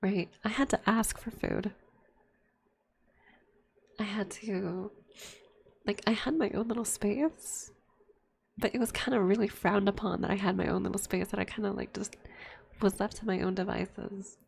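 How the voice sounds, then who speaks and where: A woman's voice: medium pitch, steady tone, normal speed, creaky, pauses often, slight background noise. A young adult woman telling a candid, profane personal story in whispered ASMR chat, full of fillers. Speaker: streamer.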